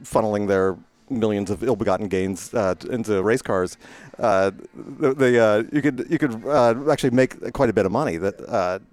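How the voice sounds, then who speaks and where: A man's voice: lowish voice, normal speed, a little mellow. A middle-aged man, a retired racing driver, telling stories as a guest in a casual interview, rambling with many fillers and restarts.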